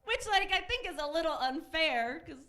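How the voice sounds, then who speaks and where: A woman's voice: extremely high pitch, animated, normal speed, bright, forceful tone. A woman in her thirties doing a chatty stand-up set on a comedy club stage, laughing between her lines. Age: 30s.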